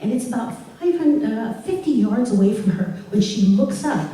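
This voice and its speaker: A woman telling a personal story live before a room, her voice leaping up and down as she laughs through the telling. She sounds a bit high and lively. She is heard from some way off the mic in a very echoey hall. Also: moderate pace, distant mic.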